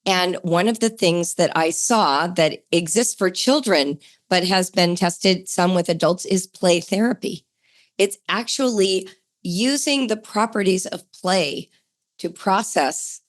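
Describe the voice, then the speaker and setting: A middle-aged woman hosting a homeschooling podcast, talking in a chatty, enthusiastic way that jumps higher for emphasis. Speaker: podcast host.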